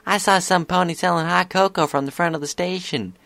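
A man's voice: high voice, brisk, gravelly, pushed and bright, dry recording, pitched above the performer's own voice, exaggerated voice. A man voicing an eager, chatty young filly pony. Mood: friendly.

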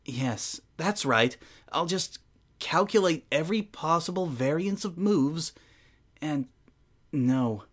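An anxious, studious young female unicorn, voiced by a man, frets to herself in tense, clipped phrases. Her voice often jumps up in pitch as her exasperation builds. This is a fan audio drama monologue. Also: animated, slow pace, fairly bright tone, exaggerated voice. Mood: frustrated.

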